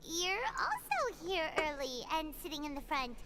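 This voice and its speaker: A woman's voice: high voice, wildly swooping pitch, moderate pace, heavily acted. A woman voicing a tiny, chatty fairy girl who talks of herself by name, in a game. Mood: curious. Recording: game audio with loud background noise.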